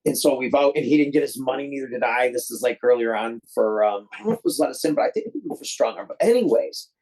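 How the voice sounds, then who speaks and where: A Detroit filmmaker appearing as a guest tells a long, meandering story at a quick pace, his medium-pitched voice animated and a little mellow. He performs the voices of the people involved and speaks loosely, with frequent fillers and restarts. The recording is rough.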